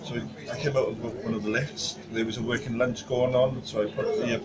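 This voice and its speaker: A man's voice: mid-range voice, level tone, fairly quick, very noisy. A man, a chef guest on a podcast, telling stories casually with many fillers and restarts. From Wales.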